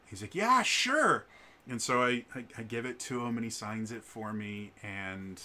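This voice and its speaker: Stammering man with a bright tone. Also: on the low side, steady tone, moderate pace. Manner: hesitant, stammering, with many restarts and fillers. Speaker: vlogger. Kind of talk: casual personal storytelling.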